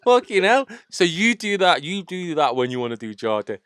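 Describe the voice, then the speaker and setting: Smooth-voiced man co-hosting a stream. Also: on the high side, animated, brisk, dry recording, studio quality. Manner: banter, swearing, laughs loudly. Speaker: co-host. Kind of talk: casual livestream chat.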